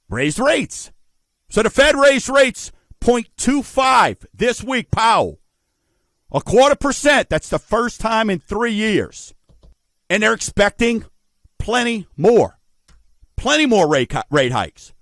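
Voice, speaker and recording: A man's voice: high voice, a bit bright, dry recording. A middle-aged man hosting a radio talk show about mortgages, folksy and emphatic, asking rhetorical questions. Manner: folksy, addresses listeners as folks.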